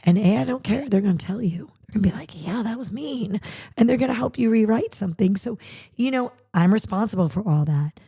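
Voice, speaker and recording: A woman's voice: medium pitch, quick pace, breathy edge. A woman hosting a podcast, chatting casually and animatedly, acting out quotes as she tells stories. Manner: animated, storytelling with acted-out quotes. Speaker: podcast host; charity podcast co-host. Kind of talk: casual chat.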